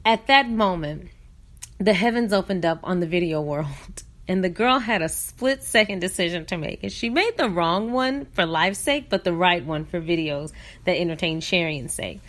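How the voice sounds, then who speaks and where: A woman hosting a podcast, retelling a funny video in an animated way and breaking into laughter. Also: fairly low pitch, moderate pace. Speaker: podcast host. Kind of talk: comedic story recap.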